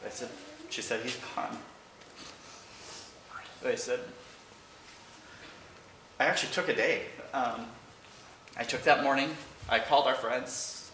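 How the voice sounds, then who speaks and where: A man giving an emotional personal remembrance of his late father to a church congregation, halting at times but with wry humor. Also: medium pitch, far from the mic, noisy background. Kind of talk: personal storytelling speech. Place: large church hall. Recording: echoey hall, picked up from afar.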